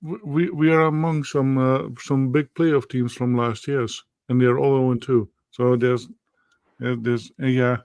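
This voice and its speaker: A man's voice: mid-range voice, steady tone, unhurried, a little mellow, clear, resonant tone, no echo. A man on a sports podcast offers casual, earnest analysis, ticking through his points. His voice sits in an ordinary middle range. The sound is dry and close. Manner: earnest, lists points, frequent restarts. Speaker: podcast co-host.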